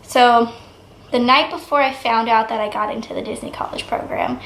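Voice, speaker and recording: Young woman vlogger, twenties, high-ish voice, excitable chatter, roomy echo. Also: normal speed, gravelly, slight background noise. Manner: chatty and excitable, many "like" fillers. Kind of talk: casual vlog storytelling. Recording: echoey room.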